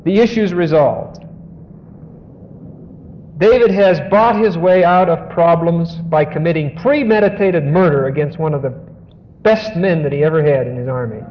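A male preacher delivers an expository Bible sermon at a moderate pace, emphatic and rising in pitch on key points, with asides between scripture readings. The audio is dull and lo-fi in a large echoing hall, with slight background noise.

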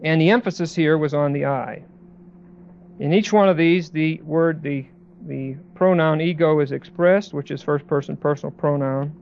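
A man preaching a Bible sermon in a conversational way, with many pauses and restarts, as a pastor. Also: fairly high pitch, gravelly, lo-fi sound, slight background noise.

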